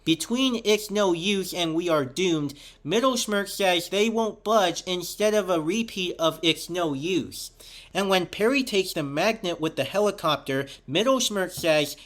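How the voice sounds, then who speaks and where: A man's voice: high voice, unhurried, fairly bright tone. A man hosting a show, reading a scripted review steadily and detail by detail.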